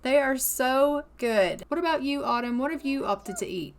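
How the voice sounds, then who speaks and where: Brief: woman, slightly higher voice, chatty let's-play commentator, affectionate. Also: animated, moderate pace. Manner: chatty, affectionate, laughs often. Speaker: gameplay commentator.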